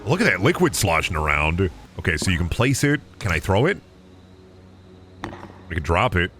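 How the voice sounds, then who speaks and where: A man's voice: low voice, big pitch swings, moderate pace, long pauses, a bit bright, a little hiss or hum. A young man streaming a game, chattering goofily and crudely to his chat. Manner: goofy, crude, talks to chat. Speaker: gaming streamer. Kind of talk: casual game commentary.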